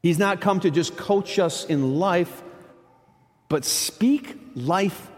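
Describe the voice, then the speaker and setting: Man, pastor, preaching, high voice, conversational and emphatic, long church-hall reverb. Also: takes it slowly. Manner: conversational, emphatic, with many asides. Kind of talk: sermon.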